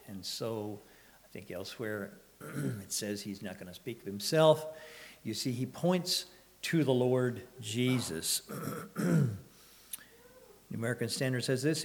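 A man preaching a sermon, halting often to clear his throat and using fillers, and reading scripture aloud in a raised, measured voice. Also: mid-range voice.

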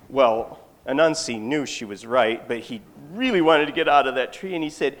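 A storyteller telling a folktale live, folksy and animated with rambling asides. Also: medium pitch, fairly quick, hardly any pauses.

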